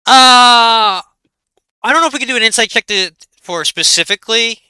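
A man's voice: very high-pitched, moderate pace, sharp tone, smooth, no echo, poor audio. A man narrating as game master of a tabletop game, chatty and loose with plenty of fillers.

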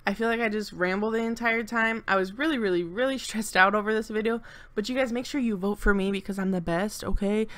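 A woman's voice: medium pitch, fast talker, fairly bright tone. A young woman with a mid-range voice chats through a loose game voice-over, filling her sentences with little fillers and playful bragging. She sounds slightly stuffy-nosed and a touch out of breath. She is talking into a desk mic at home. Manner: rambling, filler-heavy, playfully boastful. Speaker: co-host of a game channel. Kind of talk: casual gameplay voice-over. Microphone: desk microphone at home.

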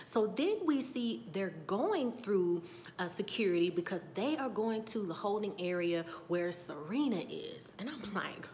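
A woman giving a casual, animated TV episode recap, chatty and sassy as she acts out scenes. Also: mid-range voice, a little slow, slight background noise. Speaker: TV recap vlogger.

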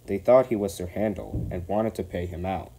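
A man with a low, mellow voice reads a railway storybook aloud. He keeps a steady, measured pace and a soft, warm tone. The narration is calm and even. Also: slightly rough.

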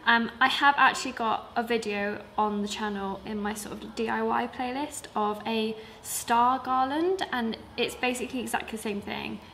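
A woman's voice: on the high side, steady tone, moderate pace, hardly any pauses, fairly bright tone, slight background noise. A young woman who runs a sewing school, chatting casually to camera about her week. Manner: chatty, with many fillers. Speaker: sewing school owner and teacher. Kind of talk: casual vlog chat.

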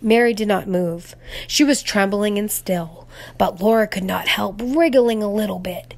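A woman reading a children's storybook aloud, gentle and expressive, dropping to a whisper at tense moments. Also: medium pitch, a little slow, creaky. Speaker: storybook reader. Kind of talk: children's read-aloud narration.

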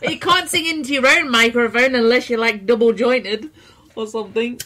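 A woman co-hosting a radio interview, teasing the guest and telling a quick anecdote. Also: on the high side, background noise. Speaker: radio co-host.

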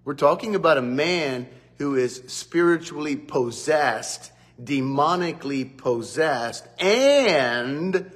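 Animated male preacher. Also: medium pitch. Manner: animated, acts out quotes. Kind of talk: devotional Bible teaching.

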